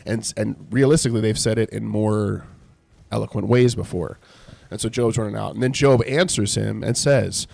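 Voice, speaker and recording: A man's voice: fairly low pitch, normal speed, vocal fry, darkish tone, slight background noise. A man hosting a morning livestream, reading scripture aloud and paraphrasing it with sarcasm while reacting to his game and thanking chat. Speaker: livestream host leading Bible study.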